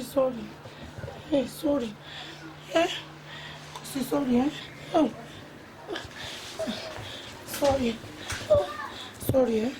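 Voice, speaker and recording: A woman's voice: high-pitched, background noise. An actress with a Nigerian accent playing a hot-tempered mother who scolds in Pidgin and English. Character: hot-tempered market mother, loud and threatening. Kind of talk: Nollywood film acting.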